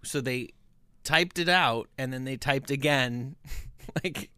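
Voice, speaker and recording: A woman's voice: a bass voice, slow pace, pushed and bright, clear, resonant tone, no room sound, studio quality. A woman co-hosting a casual comedy podcast chat, laughing often. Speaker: podcast co-host.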